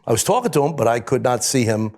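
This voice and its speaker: A man's voice: mid-range voice, big pitch swings, a little mellow. A middle-aged man, a rescue police officer, earnestly recounting a rescue on a panel and often restarting his sentences. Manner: earnest, halting, with many restarts.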